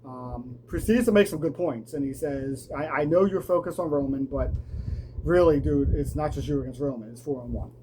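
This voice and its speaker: A man's voice: medium pitch, moderate pace, warm tone, slight background noise, low-quality recording. A man hosting a casual wrestling show review, talking loosely with fillers and acting out the wrestlers' lines. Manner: casual, lots of ums and restarts, acts out quotes. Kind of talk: casual recap chat.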